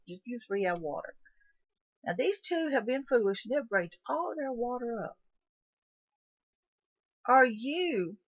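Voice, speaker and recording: A woman with a slightly high voice hosts a channel and muses casually through a hypothetical survival situation, repeating herself in a folksy way and putting questions to the viewer. The audio is dull, lo-fi, and dry, with no room sound.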